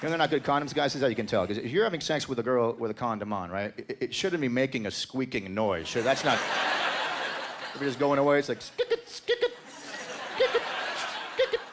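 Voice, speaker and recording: A male stand-up comic performing a rambling club set, cracking crude jokes and calling out to the crowd. He talks at a quick clip, and clear noise runs under the stage recording. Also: mid-range voice. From Canada. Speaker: stand-up comedian. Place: comedy club stage with live audience.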